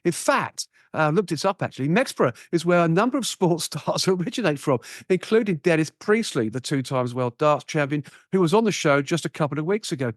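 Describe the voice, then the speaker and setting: A man's voice: on the high side, lively intonation, brisk, hardly any pauses, no room sound, studio quality. Chatty male podcast host. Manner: enthusiastic, chatty questions. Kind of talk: interview hosting.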